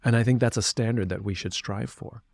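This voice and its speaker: A man's voice: fairly low pitch, fairly even intonation, a little fast, gravelly, a little mellow, no room sound. A man speaking as a podcast guest, talking earnestly and reflectively with frequent restarts. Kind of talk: candid conversation.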